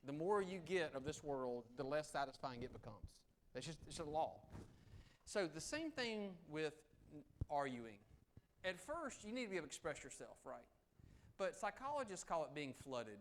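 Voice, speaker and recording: A middle-aged man giving a live negotiation seminar, swinging between loud emphasis and soft, low asides. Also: big pitch swings, normal speed, a little hiss or hum. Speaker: negotiation speaker. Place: meeting room with audience.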